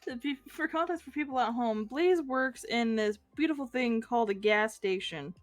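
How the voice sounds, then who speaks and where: A young woman hosting a casual drawing stream, giggly and expressive, swearing casually. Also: on the high side, moderate pace, faint music behind. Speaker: streamer host. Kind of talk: casual chat while drawing.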